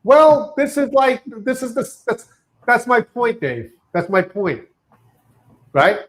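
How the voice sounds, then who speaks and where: A man's voice: very high-pitched, big pitch swings, slow pace. A man co-hosting a casual chat, insistent and repeating his point. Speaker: co-host.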